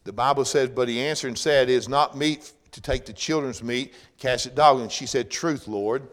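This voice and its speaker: A man preaching a sermon, swinging from loud bursts down to hushed, low-voiced passages. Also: moderate pace.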